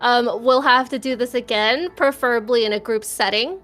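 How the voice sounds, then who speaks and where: A high-pitched woman chats casually as a podcast guest. She giggles often and keeps a playful, bubbly flow, with faint music in the background. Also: moderate pace, fairly bright tone. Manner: giggly, chatty, laughs often. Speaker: guest vtuber.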